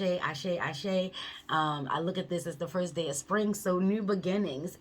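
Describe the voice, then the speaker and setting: Woman, tarot vlogger, heartfelt and emotional, casual slang, lowish voice. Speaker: tarot channel host. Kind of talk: emotional spiritual vlog.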